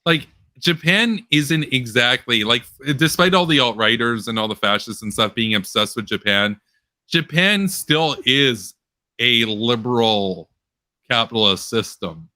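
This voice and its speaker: A young man hosting a casual online post-show chat, rambling and sarcastic, his pitch jumping up when he gets worked up. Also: expressive, measured pace, bright, forceful tone, no room sound. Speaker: political commentary host.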